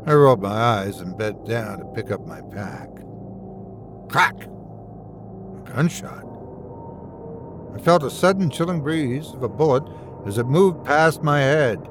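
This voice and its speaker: A man's voice: mid-range voice, animated, slow, long pauses, music in the background. A man narrating a first-person horror story with suspenseful, dramatic storytelling.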